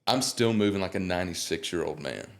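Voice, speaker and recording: Young male guest with a low voice, an animated and joking storyteller. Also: fast talker, vocal fry. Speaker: guest singer. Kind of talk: casual interview chat.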